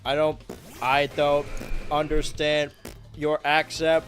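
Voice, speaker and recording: A young man casually commenting on his gameplay as a streamer, chatty and self-mocking, with sudden loud outbursts and a voice getting worn. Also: mid-range voice, animated, moderate pace, over music.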